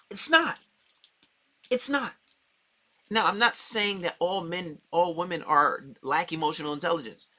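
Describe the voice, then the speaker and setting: A man's voice: on the high side, bright, forceful tone. A man talking as a dating coach, giving a blunt, profane, heated opinion monologue.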